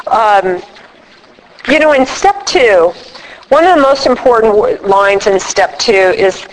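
A woman talks to a live group with a slightly high voice. She is lively and joking, and she acts out little quoted lines of her own. Her speech is loose and conversational, full of quick restarts. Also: slight background noise, rough recording. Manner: loose and chatty, with many restarts. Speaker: speaker at a recovery meeting.

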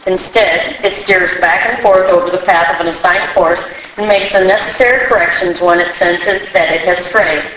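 Woman, lowish voice, steady reading, far from the mic, heavy echo. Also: moderate pace, hardly any pauses, slight background noise. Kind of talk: reading a daily reflection aloud. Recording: far from the mic in a very echoey room.

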